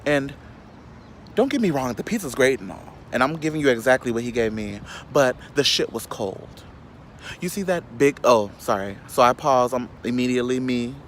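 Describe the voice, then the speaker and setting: With a mid-range voice and slight noise in the background, a sassy male vlogger from Chicago's South Side tells a storytime as a casual rant. He stays animated and profane, pausing for quick asides to viewers.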